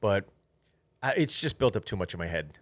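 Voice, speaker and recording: Low-voiced man, relaxed podcast chat. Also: a little fast, no echo. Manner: relaxed, conversational, swears casually. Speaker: podcast co-host. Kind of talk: casual chat.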